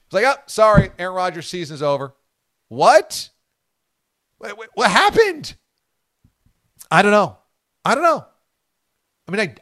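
A male sports radio host riffs with incredulous, jokey energy, his fairly bright voice swinging widely in pitch. It's sports talk radio banter, recorded dry and close with no room echo.

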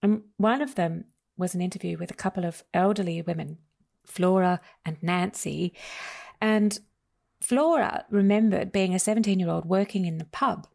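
Woman author with a gravelly voice. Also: on the low side, normal speed, darkish tone. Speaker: author and interview guest. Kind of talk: relaxed storytelling in conversation.

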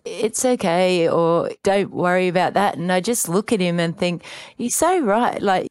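A woman, a mother of three on a parenting panel, speaking gently and warmly about her children. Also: lowish voice, clear, resonant tone, no room sound. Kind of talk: casual chat.

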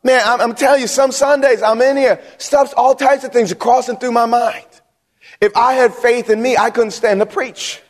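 This pastor's voice is very high and steady in tone, at a normal speed, as he preaches in a church sanctuary. He hammers home his points with repetition and questions directed at the congregation. The audio has long hall reverb.

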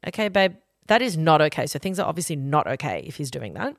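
A woman's voice: sits low, very animated, quick pace, no room sound, clean studio sound. A young adult woman, hosting a casual advice podcast in a blunt, sweary, emphatic way. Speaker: podcast host giving advice.

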